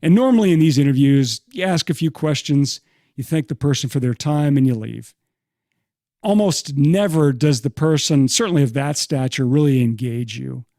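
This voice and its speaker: A man's voice: mid-range voice, no room sound, studio quality. Middle-aged male sportswriter spinning a story. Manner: lively anecdotal telling, quick asides, self-deprecating. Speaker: podcast host and newspaper sportswriter. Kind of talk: first-person storytelling monologue.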